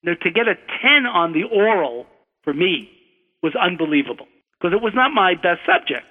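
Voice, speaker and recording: An older American man slowly tells a rambling personal anecdote on the radio, correcting himself as he goes. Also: high voice, very animated. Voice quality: unhurried, digressive, self-correcting. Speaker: storyteller, guest. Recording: tinny phone-like radio line with long hall reverb.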